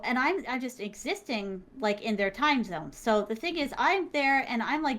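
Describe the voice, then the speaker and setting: Animated young woman telling a story. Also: a little high. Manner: animated, filler-heavy, exclamatory. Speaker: interview guest. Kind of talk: casual storytelling.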